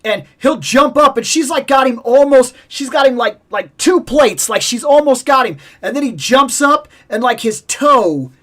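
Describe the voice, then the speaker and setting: A woman hosting a toy collecting vlog, telling a lively, opinionated story about a video game and acting out its sounds. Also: sits high, normal speed, hardly any pauses. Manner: animated, acts out game sounds and voices; passionate, opinionated about games. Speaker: toy collecting channel host.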